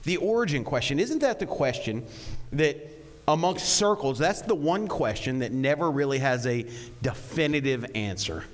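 A man preaching a sermon, telling jokes and stories with animated delivery and frequent rhetorical questions. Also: mid-range voice, moderate pace. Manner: rhetorical questions, repeated "right?".

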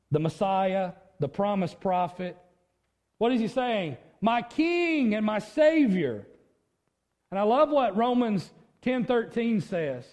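A male pastor preaching a sermon, with emphatic delivery and sudden high outcries as he acts out a plea. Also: mellow, in a large hall.

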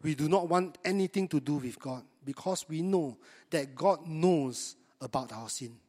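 Pastor preaching in a reverberant hall. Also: male voice, a little high, a little slow, darkish tone. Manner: conversational, asks the congregation rhetorical questions. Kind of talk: sermon.

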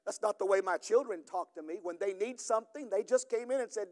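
Middle-aged man, pastor, high-pitched, preaches with rising, emphatic intensity. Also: brisk, few pauses. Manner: builds from quiet storytelling to loud, emphatic preaching. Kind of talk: sermon.

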